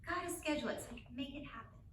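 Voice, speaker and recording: A woman with a high, bright voice speaks energetically to a live audience about parenting, often checking in with "right?". The sound is roomy and a little distant, with faint room noise behind her. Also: rapid-fire. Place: school auditorium. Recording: echoey room, mic from a distance.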